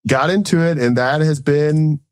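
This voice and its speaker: A man's voice: fairly high pitch, no echo. A man in his thirties, a former Marine officer, telling a story casually and rambling, with "like" in nearly every phrase and quoted exchanges acted out. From United States. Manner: fast, rambling, heavy use of "like", acts out quoted exchanges. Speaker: guest, Marine officer and entrepreneur.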